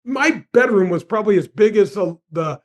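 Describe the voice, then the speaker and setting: Man, 60s, ex-golf pro, higher voice, animated storyteller. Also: moderate pace. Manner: lively storyteller with big pitch swings; addresses the host by name often. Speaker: guest, former tour golf pro. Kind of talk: animated anecdote telling.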